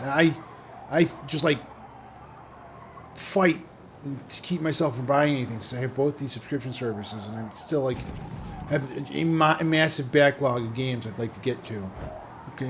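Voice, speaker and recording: Guy yapping casually while racing in a game, loose rambly talk, engine noise all over it. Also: mid-range voice. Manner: rambling, chatty, self-interrupting. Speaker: gaming channel host. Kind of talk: casual let's-play commentary. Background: race car engine sounds.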